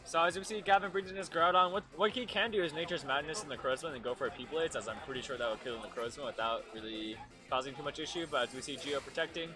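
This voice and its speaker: A man's voice: a little high, quick pace, few pauses. A man giving casual live play-by-play commentary on a competitive video game match, with frequent fillers. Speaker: esports commentator. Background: music playing nearby.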